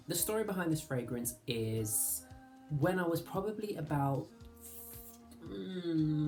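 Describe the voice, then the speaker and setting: A man hosting his own fragrance channel, chatting casually and nostalgically, with soft laughs. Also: mid-range voice. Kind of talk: casual reminiscing vlog.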